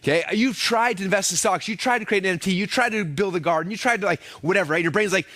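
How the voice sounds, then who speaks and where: A man presenting a live online training session, energetic and constantly checking in with his audience, often acting out inner voices. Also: high voice, fast, hardly any pauses, dry recording. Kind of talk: live sales-training talk.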